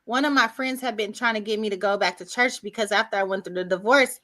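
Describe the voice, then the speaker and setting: A woman guest on a video-call podcast, telling her life story in a casual, animated way and acting out other people's words. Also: medium pitch, quick pace.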